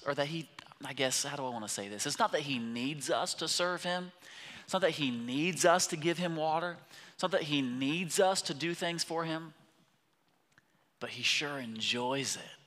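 A man in his thirties preaches to his congregation, telling stories in a voice that swings from hushed to loud. His tone is bright and forceful and sits a little high for a man. A long reverb trails behind him in the church hall. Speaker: pastor. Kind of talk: sermon with storytelling. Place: church sanctuary.

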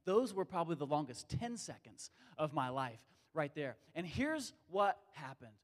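Man, pastor, sermon, slightly high voice, loud to hushed, long reverb. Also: moderate pace. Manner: animated, swings from loud to hushed.

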